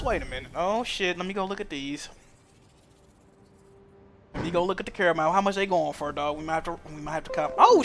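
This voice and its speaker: Animated, high-voiced young male streamer. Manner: animated, profane, slang-heavy storytelling. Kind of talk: casual chat while gaming.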